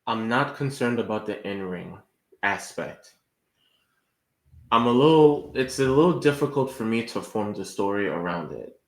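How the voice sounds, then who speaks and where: Lively-voiced man in an echoey room. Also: normal speed. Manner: thoughtful, lively swings in pitch. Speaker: podcast co-host. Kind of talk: casual wrestling chat.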